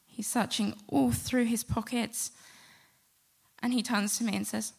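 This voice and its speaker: A middle-aged woman telling a personal story to a live audience, animated and acting out the quotes. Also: on the high side, a little slow, vocal fry, husky. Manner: lively, animated retelling with acted-out quotes. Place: stage before a live audience.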